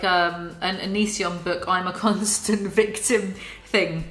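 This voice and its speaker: A woman's voice: lowish voice, fairly even intonation, takes it slowly, fairly bright tone, roomy sound. A woman reading a book aloud and mocking it in dry, sarcastic commentary, rambling and swearing between passages. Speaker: video creator.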